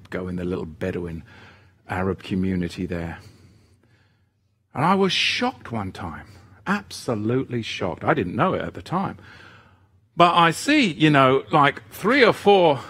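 Man teaching like a preacher, unhurried delivery, swinging pitch, earnest and pleading, repeats key phrases. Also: fairly bright tone. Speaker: Bible teacher. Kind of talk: sermon-style teaching.

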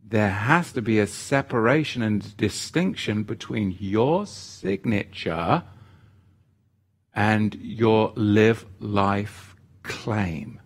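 Man teaching like a preacher, unhurried delivery, swinging pitch, earnest and pleading, repeats key phrases. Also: animated. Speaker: Bible teacher. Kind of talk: sermon-style teaching.

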